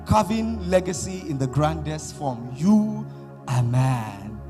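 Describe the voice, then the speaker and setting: Nigerian male spoken word poet, lively rising and falling delivery, music underneath, big hall echo. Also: on the high side. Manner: dramatic, rhythmic recitation with long pauses. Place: large conference hall. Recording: hall reverb with music bed.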